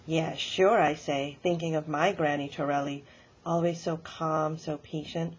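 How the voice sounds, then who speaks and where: A woman tutor reads a children's book aloud with expressive pacing. Her voice is husky and fairly low. The recording is dull and lo-fi. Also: moderate pace. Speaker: elementary school tutor.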